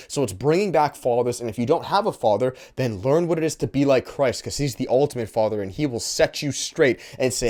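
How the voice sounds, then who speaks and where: A man's voice: medium pitch, lively intonation, fairly quick, few pauses, mellow. A man hosting a Q&A video, talking bluntly and emphatically with fillers and restarts. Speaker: host. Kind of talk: casual preachy Q&A talk.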